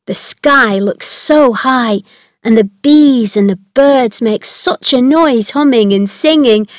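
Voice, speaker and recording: A woman voicing a cheerful, chatty and kind young female servant in a storybook reading, with a brisk, friendly manner. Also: a little high, no echo, lightly acted.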